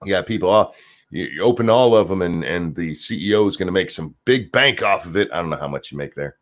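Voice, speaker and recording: A man with a lowish voice that swings widely as he rants. He reads out viewer comments and answers them with sarcasm and profanity in casual stream commentary. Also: lively intonation, fast. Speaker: streamer host.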